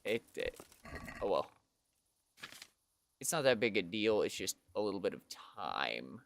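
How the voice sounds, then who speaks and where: A man streams a video game and comments casually as he goes. He talks slowly in a somewhat low voice, chatting to the character on screen and poking fun at his own mistakes. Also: very animated, creaky, a bit bright, slight background noise. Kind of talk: casual let's-play commentary.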